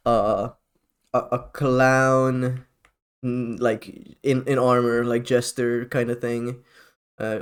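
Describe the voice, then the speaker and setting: A man streaming live, chatting casually in a rambling, profane way with frequent laughs. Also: medium pitch.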